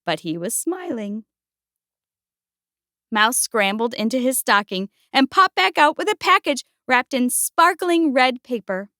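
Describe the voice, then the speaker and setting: A woman gently and expressively reading a picture book aloud. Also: high-pitched, expressive, unhurried, no echo, clean studio sound. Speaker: storyteller.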